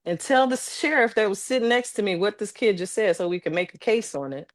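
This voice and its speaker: A woman's voice: mid-range voice, a little fast, dry recording. A woman with an Ohio accent, a former social worker telling stories casually on a podcast, acting out the voices of the people in them. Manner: animated, acts out voices in her stories. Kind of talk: casual storytelling. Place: podcast studio.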